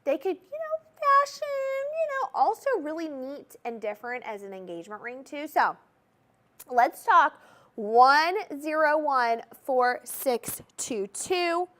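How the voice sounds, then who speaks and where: A woman's voice: sits high, lively intonation, slow pace, pushed and bright. A young woman with a Southern US accent, hosting a TV jewelry shopping show in a bubbly, chatty, salesy manner. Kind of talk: TV shopping presentation.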